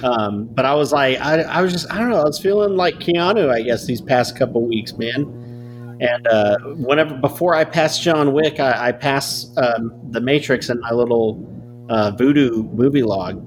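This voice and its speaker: A man co-hosting a casual podcast, easygoing and quick to laugh. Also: mid-range voice, soft background music, poor audio. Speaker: podcast co-host. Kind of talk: casual chat.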